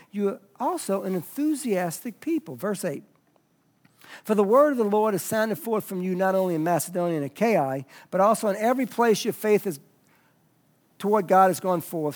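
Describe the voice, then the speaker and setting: High-voiced pastor preaching emphatically. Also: male voice, animated, normal speed. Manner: swings from soft and low to loud, emphatic preaching. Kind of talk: sermon.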